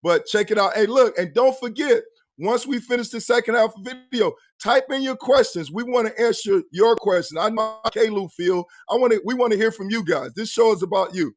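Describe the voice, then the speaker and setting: A male talk show host telling stories and asking questions in a lively, slangy way. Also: high-pitched, fairly quick. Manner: animated storyteller, slangy. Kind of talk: casual sports talk show hosting.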